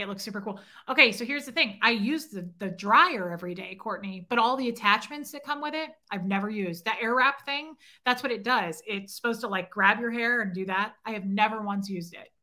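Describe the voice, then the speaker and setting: Using a phone to broadcast, a woman with a high, sharp-toned voice runs a casual livestream. She talks with her viewers, reads out their comments, teases them, and jokes about herself.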